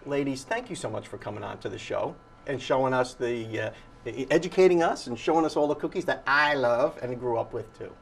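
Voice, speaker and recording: A man's voice: medium pitch, a little fast, vocal fry, husky. A man hosting a morning TV show, chatting with guests and often repeating their words back. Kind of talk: casual TV interview.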